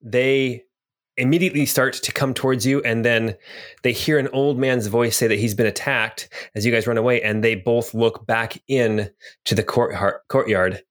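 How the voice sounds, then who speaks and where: A man's voice: medium pitch, fairly bright tone. Man running a tabletop game. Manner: descriptive, hesitant with fillers. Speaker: game master.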